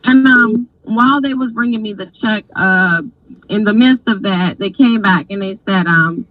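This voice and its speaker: A woman host telling a story in a casual, animated, profane way, acting out other people's lines. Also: medium pitch, normal speed, no room sound. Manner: animated, profane, acts out quoted voices. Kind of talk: casual storytelling on a live stream. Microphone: phone. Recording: dry, husky, phone-like sound.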